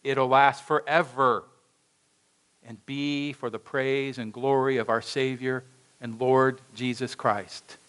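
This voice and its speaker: Pastor guy preaching in church, lively storyteller, mid-range voice. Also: medium pitch, slow, clean tone, rough recording. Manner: animated storytelling with acted quotes. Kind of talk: sermon.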